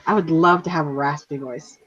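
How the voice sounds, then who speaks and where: A woman chatting casually and quickly with friends, laughing as she talks. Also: low-pitched, fairly even intonation, a bit bright, breathy edge. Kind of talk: casual chat. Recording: slightly dull, lo-fi sound.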